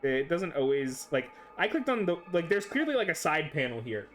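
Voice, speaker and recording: A man's voice: on the high side, very animated, normal speed, fairly bright tone. A young man co-playing a game, chatting casually with playful, boastful banter. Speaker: co-player. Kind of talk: casual gameplay chat.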